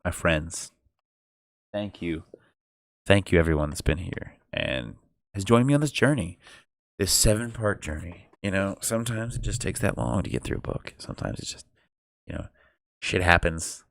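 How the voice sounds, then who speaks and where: A man with a low, gravelly voice reading a storybook and chatting in a casual, joking way. His pitch swings widely and animatedly, and the sound is close and dry. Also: normal speed, long pauses, no room sound. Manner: animated, joking, swears freely. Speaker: streamer reading novelizations aloud.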